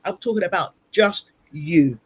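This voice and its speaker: Her voice sits on the low side with a breathy edge, and she speaks at a measured pace. As an interview guest, this ministry leader and guest speaker gives heartfelt, motivational advice, repeating key ideas for emphasis over a video-call microphone.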